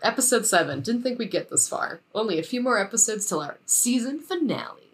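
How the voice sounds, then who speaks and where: A woman co-hosting a casual podcast, animated and often laughing as she wraps up the episode. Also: on the high side, a little fast. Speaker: podcast co-host. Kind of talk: casual chat.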